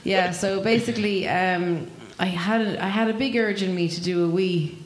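A woman's voice: mid-range voice, fairly even intonation, moderate pace. An Irish woman telling a rambling, swearing comic story at a live show, laughing as she goes. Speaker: comedian guest. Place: live venue with audience. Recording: echoey room, noisy live recording.

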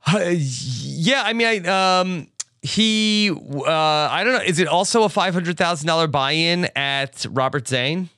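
A man's voice: a little high, a little slow, pushed and bright, no room sound, clean studio sound. A man co-hosting a podcast in casual recap chat, curious and easygoing, asking questions. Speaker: podcast co-host.

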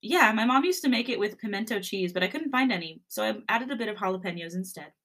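A woman reading a fanfic, voicing a gentle young pregnant wife who talks sweetly and giggles. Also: mid-range voice, animated, fast talker.

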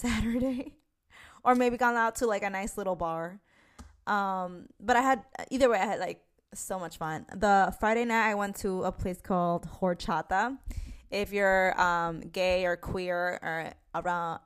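A young woman from New talks in a loose, rambling podcast chat. She fills her talk with "like" and "um", restarts her sentences and swears casually. Her pitch sits in the middle of the usual range for women. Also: clean tone. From New York. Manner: chatty, swearing, many fillers and restarts. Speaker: podcast host.

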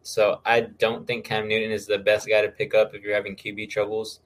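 A man's voice: on the low side, completely flat delivery, brisk, a bit bright, faint music behind. A man co-hosting a podcast, casually talking through player stats with plenty of filler uhs. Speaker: podcast co-host. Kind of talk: casual fantasy football chat.

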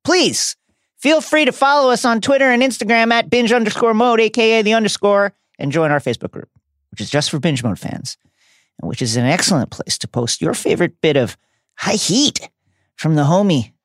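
A man's voice: sits high, a little fast, dry recording, clean studio sound. A man co-hosting a podcast in casual banter, joking and laughing often. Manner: jokey, animated, laughs often. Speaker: podcast co-host.

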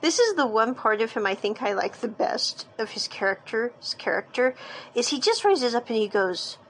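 Creaky-voiced woman recapping a drama. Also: fairly high pitch, very animated, normal speed, fairly bright tone, slight background noise, low-quality recording. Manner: chatty storytelling with restarts. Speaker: drama reviewer. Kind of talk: casual episode recap.

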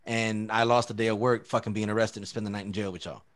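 A man in casual chat, ranting with lots of swearing. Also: on the low side. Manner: fast, profane, animated ranting.

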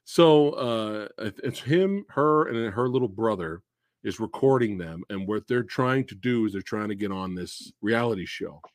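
A man's voice: on the low side, lively intonation, normal speed, dry recording, studio quality. A man hosting a podcast, chatting casually about movies and ranting with exasperation and profanity. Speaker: podcast host.

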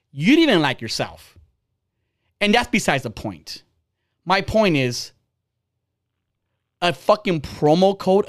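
A man in his forties holds forth on his podcast in a blunt, profane rant. His pitch swings widely as he heats up. He talks casually and heatedly, straight at his co-hosts. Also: fairly bright tone. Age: 40s. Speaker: podcast host. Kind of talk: casual ranting podcast talk.

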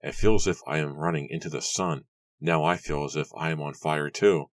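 A man's voice: extremely low pitch, a little fast, dry recording. A man voicing a desperate young woman who cries out and pleads as she runs, in an audiobook reading. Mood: dazed. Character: desperate young woman running toward a fire. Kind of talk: audiobook character voice.

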